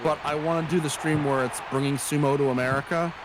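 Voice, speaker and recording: A man's voice: a little high, fairly even intonation, quick pace, background noise. A man hosting a game stream, chatting in a jokey, rambling way. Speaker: streamer host. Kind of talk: casual gaming stream chat.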